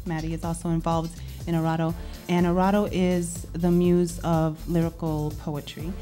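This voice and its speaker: A woman's voice: on the low side, little pitch movement, moderate pace, dark tone, faint music behind. A woman in her forties from Massachusetts, a spoken word artist and DJ, talking openly and thoughtfully as a guest in a studio interview. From Lawrence, Massachusetts, USA. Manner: thoughtful, open, says "um" and "yes, sir". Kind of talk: casual interview.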